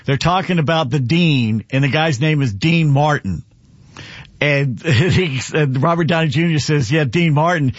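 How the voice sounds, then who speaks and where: A man's voice: on the high side, unhurried, dry recording, lo-fi sound. A man hosting a sports talk radio show, rambling and opinionated as he tells stories and gives scores. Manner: rambling, opinionated, lively storytelling. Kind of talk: casual sports radio chat. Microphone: studio broadcast mic.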